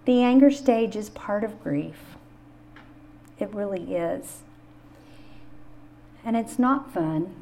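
A woman's voice: mid-range voice, expressive, takes it slowly, vocal fry, long pauses, warm tone, dull audio, a little hiss or hum. A middle-aged woman hosting a faith-based podcast on grief, telling personal stories in an earnest way. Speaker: podcast host.

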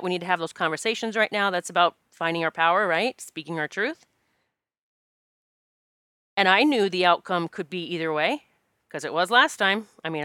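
A woman's voice: lowish voice, no room sound, studio quality. A woman who practises Reiki, telling a personal story in a candid, emotional, casual way and acting out what people said. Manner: emotional, candid, animated quoting of herself.

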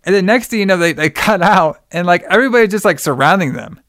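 Young guy rambling through a movie plot, smooth clear voice, dry close sound. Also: high voice, animated, fast, fairly bright tone, no room sound. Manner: rambling, heavy on "like" and "you know". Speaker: podcast co-host recapping a film. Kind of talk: casual chat.

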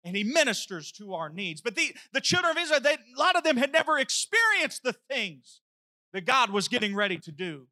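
Guy preaching, high voice, acts out the bits of dialogue, super animated. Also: fairly quick. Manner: animated storytelling, acting out dialogue. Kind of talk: sermon.

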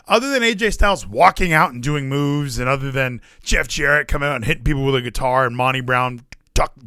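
A man co-hosting a casual wrestling podcast, rambling and excitable, with the odd swear. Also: a little high, dry recording, clean studio sound. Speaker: podcast co-host.

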